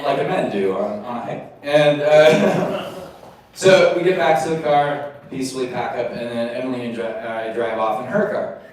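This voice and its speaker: A young man telling a self-mocking stand-up story at an open mic, jumping into high put-on voices for the people in it. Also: slight background noise. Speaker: stand-up comedian. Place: small comedy venue. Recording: echoey room mic from a distance.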